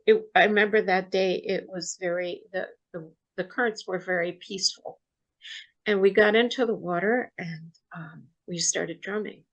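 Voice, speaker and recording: A woman telling a personal story in a casual interview, soft-spoken and halting, often restarting her sentences. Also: medium pitch, dull audio. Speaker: guest storyteller.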